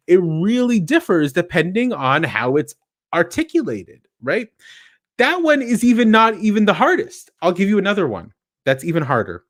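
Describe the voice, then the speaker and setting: A man giving a technical talk in an animated, explaining manner, his pitch rising and falling freely as he steps through one example after another. He poses questions to the listeners and answers them himself. His voice sounds close and dry, with no room around it. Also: moderate pace, no room sound. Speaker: speaker at a tech meetup.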